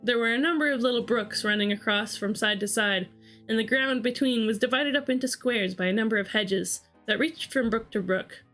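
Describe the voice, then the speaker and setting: A woman streamer narrating a storybook aloud in a steady, storytelling manner, with small restarts. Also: fairly high pitch, moderate pace, faint music behind. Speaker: streamer reading a book aloud.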